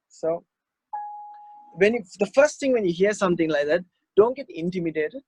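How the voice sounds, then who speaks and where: A man teaching a singing workshop over a video call, explaining in a relaxed, halting way between short sung demonstrations. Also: sits high, soft background music. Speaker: guest vocal coach.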